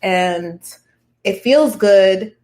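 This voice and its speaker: A woman's voice: mid-range voice, very slow. A woman co-hosting a casual talk podcast, speaking animatedly and turning to ask listeners questions. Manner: animated, talks to listeners directly. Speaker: podcast co-host. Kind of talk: casual chat.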